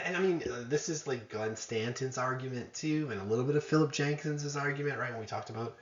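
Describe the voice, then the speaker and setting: A man's voice: mid-range voice, echoey room, highs cut off. A man giving a conversational college lecture, often checking in with "right?" and making self-deprecating asides.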